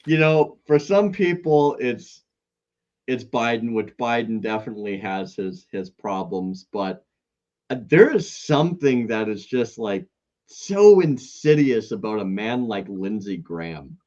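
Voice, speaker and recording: A man co-hosting a podcast in casual chat, rambling with many fillers and wide swings in pitch. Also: big pitch swings, a little slow, a little mellow. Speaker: podcast co-host. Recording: slightly dull, lo-fi sound.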